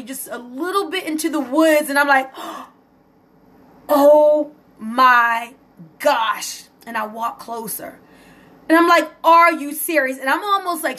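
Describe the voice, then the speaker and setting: A woman hosting a casual live stream, excited and emotional as she talks to viewers and reads their comments aloud. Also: sits high. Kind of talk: casual Facebook Live testimony.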